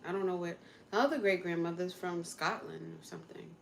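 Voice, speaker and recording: A woman's voice: fairly low pitch, brisk, vocal fry. A young woman chats easily on a livestream, answering viewer comments between tasks in her kitchen. She laughs often and keeps the talk loose and friendly. A faint hum of room noise sits behind her voice. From United States. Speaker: livestream host. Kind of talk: casual livestream chat.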